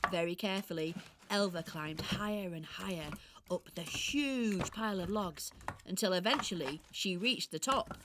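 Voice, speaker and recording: A woman narrating a children's radio play in a gentle, measured storybook manner. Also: medium pitch, a little hiss or hum.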